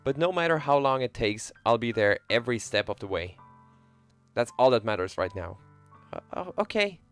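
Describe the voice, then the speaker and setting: A man's voice: mid-range voice, normal speed, soft background music. A young man streaming, reading a visual novel aloud in a playful, joking way and chatting with viewers.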